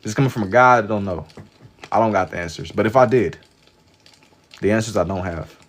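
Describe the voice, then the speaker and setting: Sleepy and drawling, a man rambles casually on a livestream while he draws, his voice on the low side and a bit quick. He meanders, uses slang, and repeats himself a lot.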